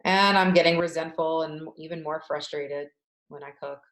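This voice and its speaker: A woman with a low voice leads a guided tapping session as a coach. She speaks candidly and repeats tapping phrases as she works through her frustration. The room around her is echoey. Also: fairly even intonation, moderate pace, fairly bright tone.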